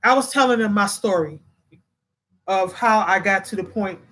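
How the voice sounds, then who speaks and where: A woman's voice: medium pitch, normal speed, fairly bright tone. A woman hosting a casual livestream, close to tears and talking straight to her viewers, often repeating herself. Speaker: livestream host. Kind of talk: casual livestream chat reading comments.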